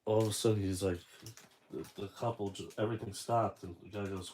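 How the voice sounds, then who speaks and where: A man's voice: lowish voice, steady tone, a little fast, mellow, slight background noise. A man unboxing a toy figure and chatting casually, rambling and correcting himself as he tells a story.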